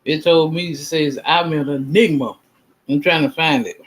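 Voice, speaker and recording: A man's voice: a little high, fairly even intonation, normal speed, husky, low-quality recording. A man hosting a casual livestream, talking in a rambling, emphatic and self-assured way, often repeating himself. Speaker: channel host.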